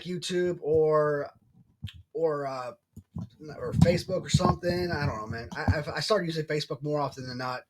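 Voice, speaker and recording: Male vlog host, casual rambling delivery, blunt and swears a lot, slightly high voice. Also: darkish tone. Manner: blunt, opinionated, swears freely. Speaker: channel host.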